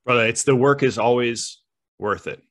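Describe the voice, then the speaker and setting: A middle-aged man hosting a podcast, talking in a reflective and halting way as he searches for his words. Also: medium pitch, fairly bright tone. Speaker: podcast host. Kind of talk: reflective conversational interview.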